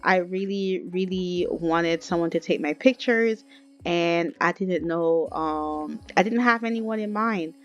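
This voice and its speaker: A woman's voice: lowish voice, a little slow, lo-fi sound, natural voice. A woman voicing a young pregnant woman who is homesick, shy and self-conscious, in a casual chatty way. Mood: grateful.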